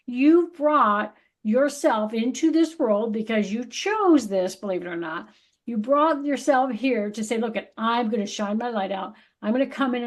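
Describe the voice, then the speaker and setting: A woman's voice: a little high, darkish tone. A middle-aged woman co-hosting a podcast, giving a casual, emphatic spiritual pep talk that is full of swearing and acted-out quotes. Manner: emphatic, swears freely, acts out voices of others. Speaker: podcast co-host.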